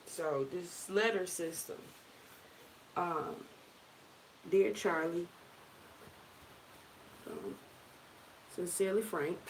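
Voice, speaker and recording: A woman's voice: lowish voice, very slow, long pauses, a little hiss or hum. A woman hosting a casual spiritual livestream, talking in a loose, heartfelt, profane way, often stopping and starting again. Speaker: livestream host.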